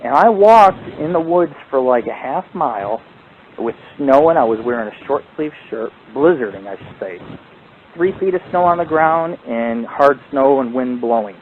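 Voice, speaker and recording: A man telling a rambling, profane ghost story at an ordinary pitch. His voice comes through a tinny, phone-like line with a faint hiss underneath. He swears freely and keeps the story moving. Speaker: paranormal radio show host. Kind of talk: casual storytelling chat.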